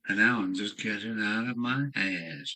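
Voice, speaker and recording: An older Englishman who streams about model railways muses aloud to himself from his home hobby room in a rambling live chat. His voice is on the low side, pushed and bright, at a moderate pace, and the recording is rough.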